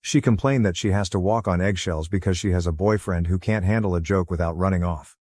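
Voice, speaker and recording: Deep-voiced man narrating a story. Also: dry recording, studio quality. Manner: even, measured storytelling. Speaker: narrator of a forum post. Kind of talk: scripted first-person story narration.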